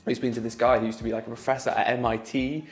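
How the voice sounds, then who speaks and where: A man with a British accent co-hosting a casual chat in an office, chatty and quick to laugh. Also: mid-range voice, little pitch movement, soft background music. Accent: British English. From Britain. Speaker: co-host.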